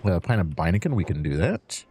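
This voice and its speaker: A gaming channel host gives relaxed let's-play commentary, chatting with in-game customers while serving drinks and counting change. His voice is low and dark in tone, fairly fast, with wide swings in pitch.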